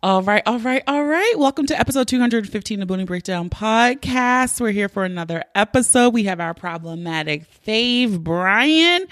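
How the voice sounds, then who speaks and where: A woman's voice: medium pitch, no room sound, clean studio sound. Chatty, profane woman podcast host. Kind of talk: casual solo podcast intro.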